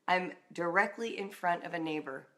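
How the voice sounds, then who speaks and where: Woman, middle-aged, from Southern California, animated personal storytelling, slightly low voice. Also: normal speed. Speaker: writing and homeschooling coach.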